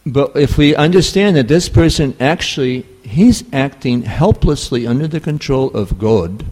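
A man with a New York accent giving a scripture class, halting and full of fillers. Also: medium pitch, animated, a little mellow, slightly rough. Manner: halting, many fillers and restarts. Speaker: spiritual teacher.

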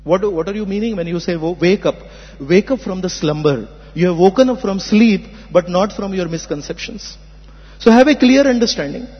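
A man's voice: high voice, fairly quick, husky. A man giving an earnest philosophical talk as a spiritual teacher, explaining with rhetorical questions. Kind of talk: philosophical discourse. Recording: muffled hall recording.

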